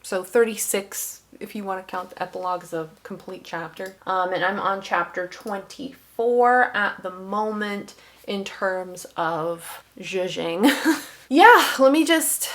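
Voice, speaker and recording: A woman talks casually to camera at home, rambling through her writing progress with lots of fillers. Her delivery is loose, chatty and unscripted. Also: medium pitch. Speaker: writing vlogger. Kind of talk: casual vlog chat. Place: at home, indoors. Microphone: headphones on, desk setup.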